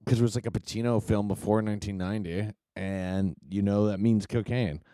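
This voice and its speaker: A young man in casual chat, laid-back and often trailing off quietly. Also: fairly low pitch, steady tone, brisk, no room sound.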